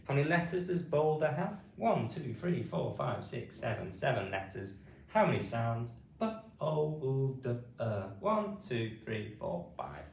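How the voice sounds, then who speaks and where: A man's voice: mid-range voice, very animated, measured pace, gravelly, a little mellow. A man with a British accent teaching phonics, patiently saying each word and spelling it out letter by letter. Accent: British English. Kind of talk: slow spelled-out pronunciation lesson. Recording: roomy sound, mic at a distance, faint noise behind.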